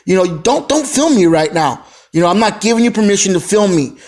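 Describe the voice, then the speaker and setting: A man's voice: sits high, lively intonation, fairly quick, a little mellow. A man voicing an irritated driver who insists over and over that he must not be filmed. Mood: insistent. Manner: insistent, repetitive.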